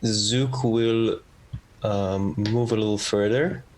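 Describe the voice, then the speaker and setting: A man playing a tabletop game, describing moves haltingly with fillers. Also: on the low side, steady tone, a crowd in the background, poor audio. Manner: halting, thinks aloud with fillers. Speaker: player. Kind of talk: casual tabletop play.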